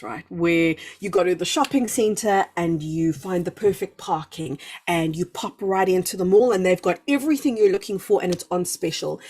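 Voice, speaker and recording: A woman's voice: mid-range voice, dark tone, breathy edge. A woman hosting a live spiritual talk, effusive and encouraging, drawing out emphatic words and answering viewers' comments. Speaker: spiritual livestream host.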